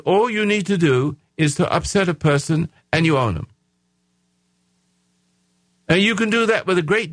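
A rough, gravelly-voiced man holds forth on his radio show, pushing his voice loud and insistent as he preaches to listeners. His tone is husky and the sound is dry and close to the mic. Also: on the high side, dry recording. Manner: emphatic, raising his voice, preachy. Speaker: radio talk show host. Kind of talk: radio monologue.

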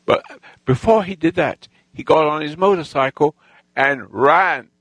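A man telling a rambling, boastful personal story, halting with restarts and lost threads. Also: fairly high pitch, a bit bright, dry recording, poor audio. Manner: boastful, self-assured storytelling.

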